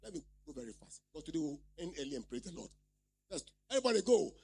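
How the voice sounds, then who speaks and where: A man's voice: fairly high pitch, big pitch swings, very fast, vocal fry, dark tone, a little hiss or hum. A man preaching a sermon, reading scripture aloud and repeatedly asking the congregation questions. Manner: reads scripture aloud and explains it.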